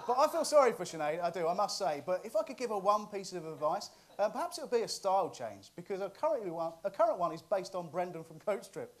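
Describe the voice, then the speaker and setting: A man's voice: high voice, big pitch swings, fast, few pauses, noisy background. A man hosting a comic news monologue, cheeky and often laughing at his own jokes. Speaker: comedy show host.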